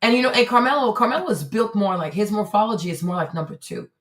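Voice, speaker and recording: A woman's voice: mid-range voice, lively intonation, fast. A woman hosting a casual livestream, talking loosely and animatedly, swearing freely and breaking into surprised exclamations. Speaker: livestream host. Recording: roomy echo.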